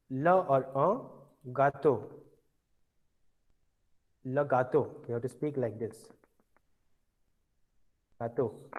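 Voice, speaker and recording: In a classroom-style French vocabulary lesson, a man with a mid-range voice goes slowly and patiently, repeating each word so learners can drill it. The audio quality is poor.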